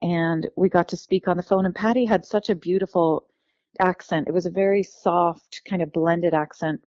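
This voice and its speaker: A woman from California, a guest telling her life story in a lively, warm way, acting out the voices of the people she quotes. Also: lowish voice, moderate pace, no echo, dull audio.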